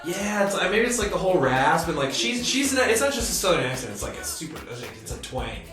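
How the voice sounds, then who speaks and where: A man hosting a casual talk show, animated and prone to laughing outbursts. He sounds set back from the mic in a very echoey room, with music playing clearly underneath. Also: high voice, quick pace. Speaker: host. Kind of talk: casual chat. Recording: roomy, distant mic with music behind.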